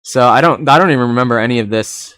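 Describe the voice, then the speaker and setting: A man's voice: medium pitch, fast talker, a bit bright, clear, resonant tone, no room sound, clean studio sound. A young man reviewing an anime episode in a rambling, casual way, laughing often and swearing now and then.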